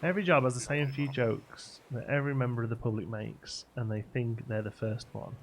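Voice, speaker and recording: A man's voice: medium pitch, fairly even intonation, brisk, a little hiss or hum. A young man streaming a game live, rambling casually as he answers chat messages aloud. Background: faint game music.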